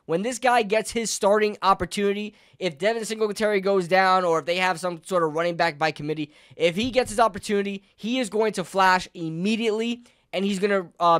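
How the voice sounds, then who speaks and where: A young man rants about his football team in a high, smooth, clear voice, sarcastic and exasperated, repeating lines and swearing as his frustration spills over. He speaks close to the mic in a dry room at home. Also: a bit bright, no room sound. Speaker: sports fan ranter. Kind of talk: heated solo sports rant.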